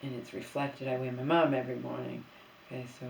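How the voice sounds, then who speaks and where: A woman's voice: extremely low pitch, little pitch movement, fairly quick, vocal fry, roomy sound, slight background noise, low-quality recording. A woman vlogging from her bedroom floor, ranting in casual, rambling talk and repeatedly checking in with "okay?". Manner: ranting, frequent "okay?" asides.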